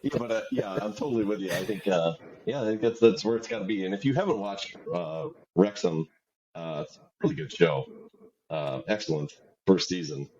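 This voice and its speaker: A fairly low-voiced middle-aged man from Wisconsin who co-hosts a podcast and agrees easily, hesitating and filling pauses as he talks. His audio is slightly dull and lo-fi. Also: expressive, darkish tone. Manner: agreeable, hesitant with many fillers. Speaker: podcast co-host. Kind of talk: casual chat.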